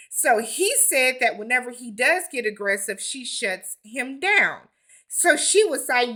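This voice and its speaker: A woman hosting a casual reality TV recap, with blunt, animated commentary and slangy asides. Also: high voice, unhurried. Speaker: TV recap host.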